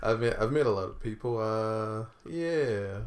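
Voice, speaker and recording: A man's voice: on the low side, animated, a little slow. A man, chatting casually about tournaments he runs, telling stories with lots of fillers. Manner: laid-back storytelling with many fillers and laughs. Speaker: tournament organiser. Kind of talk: casual chat.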